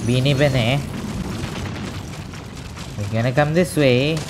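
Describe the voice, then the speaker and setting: A man giving live commentary over his own gameplay, excitable, joking and raging at the game. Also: mid-range voice, slow, noisy background. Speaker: gaming channel host.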